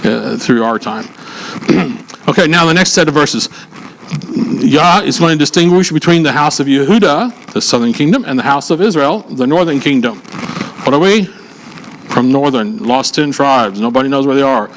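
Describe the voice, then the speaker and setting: A man's voice: medium pitch, moderate pace, a bit bright, a little hiss or hum, poor audio. A man leading a scripture teaching session, reading verses aloud and breaking off into casual asides and jokes with his listeners. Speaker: Bible teacher.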